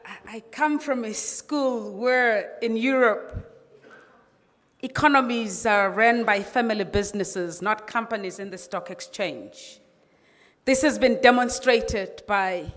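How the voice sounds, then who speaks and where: A woman with an English accent gives an off-the-cuff speech at an event, full of rhetorical questions and emphatic repetition. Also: medium pitch. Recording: long reverb of an event hall.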